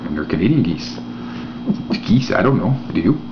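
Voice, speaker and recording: Very deep-voiced man rambling on a vlog. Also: big pitch swings, normal speed. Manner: rambling, mock-naive questions, dry jokes. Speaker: vlog host. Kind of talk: casual rambling monologue to camera. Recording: echoey room, dull lo-fi mic, faint hiss.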